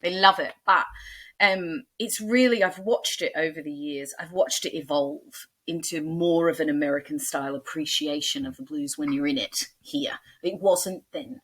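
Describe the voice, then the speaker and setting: An Australian woman in her forties, a blues singer, chatting in a rambling, storytelling way as an interview guest. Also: sits low. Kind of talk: casual interview chat.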